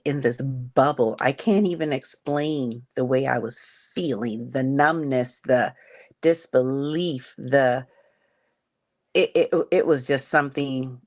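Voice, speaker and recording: A middle-aged woman slowly and haltingly telling a painful personal story as a podcast guest. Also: a bass voice. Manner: slow, halting, emotional retelling. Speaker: guest sharing her story. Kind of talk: personal testimony on a grief podcast.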